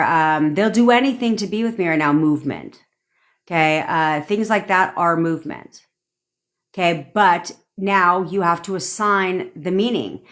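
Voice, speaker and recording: A young adult woman with a fairly low voice talks straight at her viewers like a live coach. She rants bluntly and swears freely. She slips into little acted-out voices for the thoughts she quotes. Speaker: manifestation coach. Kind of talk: casual livestream rant.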